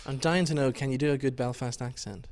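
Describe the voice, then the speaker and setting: A TV presenter introducing a show and questioning actors in a brisk, friendly way. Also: male voice, mid-range voice, steady tone, a little mellow, slight background noise. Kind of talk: TV interview.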